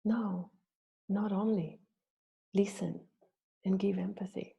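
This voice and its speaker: A woman telling a myth in a gentle, reflective storytelling talk to her group. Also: medium pitch, fairly even intonation, gravelly, lo-fi sound. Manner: gentle, reflective, slow-paced. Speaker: birth story practitioner.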